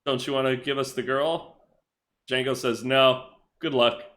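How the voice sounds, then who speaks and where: A man's voice: medium pitch, fairly even intonation, unhurried, a bit bright. A man co-hosting a podcast, recapping comic book plots in casual chat and laughing often. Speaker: podcast co-host.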